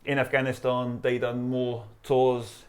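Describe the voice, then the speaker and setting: A man's voice: medium pitch, measured pace. London-accented army veteran in his thirties, easygoing guest with a mid-range voice. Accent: London English. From East London, England. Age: 30s. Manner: relaxed, chatty, laughs while retelling. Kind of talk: casual interview storytelling.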